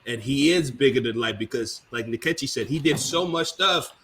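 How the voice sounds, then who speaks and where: Animated, swearing man in his thirties. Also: medium pitch, moderate pace, a little hiss or hum. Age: 30s. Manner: animated, swearing, emotional storytelling. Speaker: panel show host. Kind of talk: casual panel chat.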